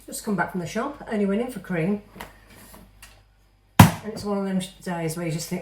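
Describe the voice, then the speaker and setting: A woman's voice: mid-range voice, normal speed, long pauses, background noise. A woman in her fifties from England with a light Midlands accent, rambling in a casual vlog and sounding a little nasal after a night of sneezing. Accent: English Midlands. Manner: chatty, rambling, self-deprecating. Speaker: vlogger. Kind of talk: casual chat.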